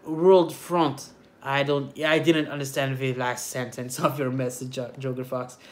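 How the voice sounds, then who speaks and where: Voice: mid-range voice, level tone, unhurried. A native French speaker with a French accent, hosting a casual livestream as a skater, chatting and reading comments with many hesitant filler sounds. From France. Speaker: livestream host, slalom skater. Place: home in Paris.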